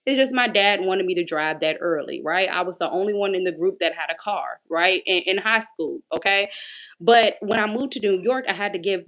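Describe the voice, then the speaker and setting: A woman's voice: mid-range voice, a little fast. Chatty, preachy faith-coach woman. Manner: lively, conversational, preachy. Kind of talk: casual inspirational talk.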